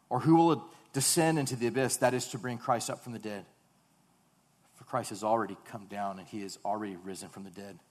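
In a mid-range voice, this preacher works through a sermon by reading scripture and then unpacking it. His repeated, emphatic phrasing climbs toward loud and fervent stretches.

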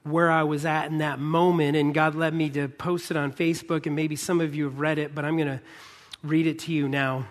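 A man's voice: fairly high pitch, level tone. Earnest man preaching a heartfelt sermon. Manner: earnest, pausing, rising to a fervent plea. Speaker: pastor.

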